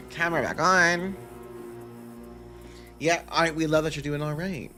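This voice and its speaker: A man's voice: on the high side, normal speed, pauses often, bright, forceful tone, faint music behind. A man streaming a game live, chatting casually with viewers and thinking aloud as he plays, with the odd hum between sentences.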